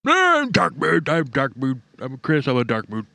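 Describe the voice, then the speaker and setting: A man's voice: medium pitch, wildly swooping pitch, normal speed, vocal fry, bright, forceful tone, heavily acted. A man putting on the voice of a sulky, self-pitying young man who whines petulantly in a sing-song way.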